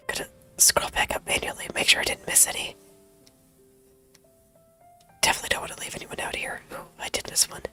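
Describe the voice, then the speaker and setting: Girl streamer with no voice left, whispering bright and playful while she draws, mic cranked up close, soft music under it. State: losing her voice, whispering. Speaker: streamer drawing digital art. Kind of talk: casual chat while drawing. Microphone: high-sensitivity desk mic, close.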